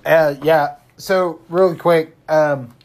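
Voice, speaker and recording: A man's voice: fairly high pitch, steady tone, takes it slowly. A man hosting a podcast, chatting casually about a movie, laughing often and swearing offhandedly. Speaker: podcast host. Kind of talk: casual movie recap chat. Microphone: audio podcast mic.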